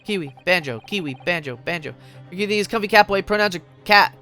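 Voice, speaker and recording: A man's voice: high-pitched, animated, brisk, pushed and bright, soft background music. A young man live-streaming a game, playful and giggly, chatting with his viewers.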